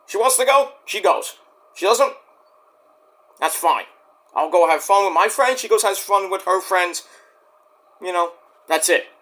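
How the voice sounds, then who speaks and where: A man with a high voice delivers a rambling solo vlog. His tone is bright and forceful, and he talks bluntly and defiantly, swearing freely. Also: animated, measured pace, pauses often. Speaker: vlogger. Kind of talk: casual rambling monologue.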